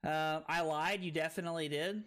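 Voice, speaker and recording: A man streaming a card game, tipsy and rowdy, swearing, laughing and shouting with excitement. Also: fairly high pitch, brisk. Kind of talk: rowdy drunk livestream chat.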